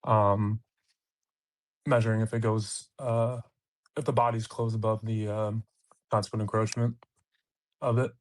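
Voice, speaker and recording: A man's voice: on the low side, level tone, unhurried, long pauses, slight background noise. A man calling into an online audio chat, hesitant and full of fillers. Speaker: caller.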